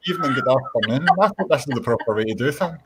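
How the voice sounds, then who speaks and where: A man's voice: fairly high pitch, huge pitch swings, very fast, a crowd in the background. A man guesting on a casual livestream chat show, talking in a flowery, theatrical way.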